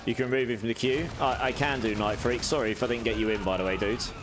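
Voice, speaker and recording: A man's voice: medium pitch, steady tone, fast, background noise. A British man streaming a game live, chatting casually as he reads out and answers viewer messages.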